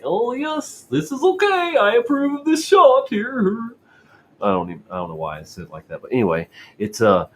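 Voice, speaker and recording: A man hosting a show, casually reading news articles aloud with sarcastic asides and often stumbling over words. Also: on the low side. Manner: stumbling, repeats and restarts words while reading. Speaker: show host.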